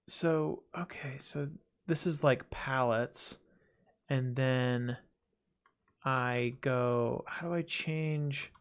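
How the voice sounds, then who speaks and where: Gravelly-voiced man chatting through a game. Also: medium pitch. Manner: chatty, self-deprecating, talks to himself while playing. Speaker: gaming video host. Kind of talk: casual let's-play commentary.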